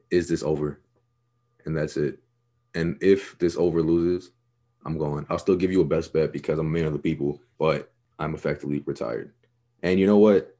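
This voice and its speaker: A young man with an extremely deep, dark and mellow voice, co-hosting a sports podcast. He talks in a loose, rambling way and swears freely. His tone stays laid-back and casual. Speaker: podcast co-host.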